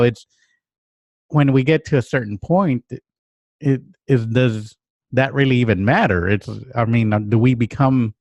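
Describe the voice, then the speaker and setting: Podcast host, male, low and dry, reflective, thinks aloud with restarts. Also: dry recording, highs cut off. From United States. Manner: musing, thinks aloud with restarts and acted-out inner quotes. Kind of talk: casual reflective chat.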